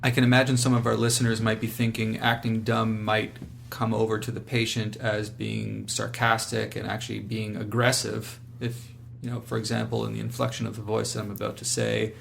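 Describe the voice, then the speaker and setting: A man hosting a medical podcast, asking measured questions and summing up the discussion. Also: on the low side, completely flat delivery, vocal fry, a bit bright, slight background noise. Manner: measured, poses questions and sums up. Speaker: podcast host. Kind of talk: podcast interview.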